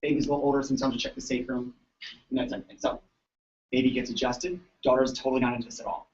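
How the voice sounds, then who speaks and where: Animated storytelling man, distant lo-fi mic. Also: mid-range voice, rapid-fire. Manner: animated storytelling, acts out voices. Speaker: chiropractor. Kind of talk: storytelling talk to a live audience. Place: event floor at a convention. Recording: distant mic, dull lo-fi sound.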